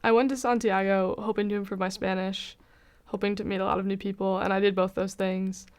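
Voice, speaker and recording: A young woman with an American accent shares her story in a reflective, candid way, softening her points with "kind of". Her voice is exceptionally smooth and crisp, and she keeps a narrow, even pitch. It sounds like a personal testimonial from a college student. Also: brisk. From United States. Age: young adult. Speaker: university student.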